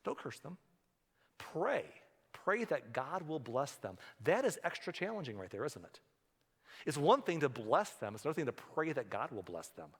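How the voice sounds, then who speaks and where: A man's voice: a little high, big pitch swings, moderate pace, breathy edge. A man preaching a sermon as a pastor, in a conversational way, often acting out the voices of the people he talks about. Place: church sanctuary. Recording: church hall reverb.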